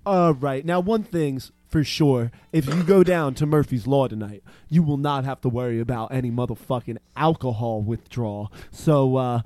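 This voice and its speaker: A man's voice: mid-range voice, normal speed, hardly any pauses, darkish tone, dry recording. A man hosting a casual podcast, teasing his co-hosts and laughing often. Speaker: podcast host.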